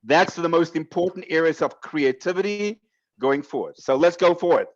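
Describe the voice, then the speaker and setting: A man with a slightly raised pitch gives a motivational talk to sales reps on a team call. He works through numbered points, speaking emphatically and addressing the listeners directly. The audio is somewhat dull and lo-fi, as on a video call. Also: moderate pace. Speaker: sales coach.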